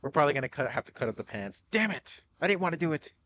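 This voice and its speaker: Excitable young man swearing over a game. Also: a little high. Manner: excitable, swears a lot, frequent "bro" and "dude"; panicky outbursts and rapid repeated shouts. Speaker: gaming streamer. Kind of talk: live gameplay commentary.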